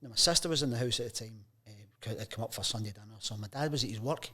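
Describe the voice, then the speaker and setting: A man's voice: lowish voice, rapid-fire, slightly rough. A Scottish man in his fifties, a sports journalist guest on a chat show, telling stories casually and acting out the voices of the people in them. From Scotland. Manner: lively anecdotes, acts out quoted voices. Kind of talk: casual storytelling interview.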